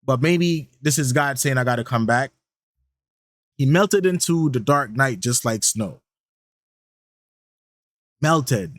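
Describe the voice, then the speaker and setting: A young man talks his way through a reaction, repeating phrases back and circling around his thoughts with slang and restarts. His voice sits in an ordinary middle range. The sound is dry, with no room echo. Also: mid-range voice. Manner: rambling, repeats lines back and muses on them; slangy, many fillers and restarts. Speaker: reaction channel host. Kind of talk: casual reaction commentary.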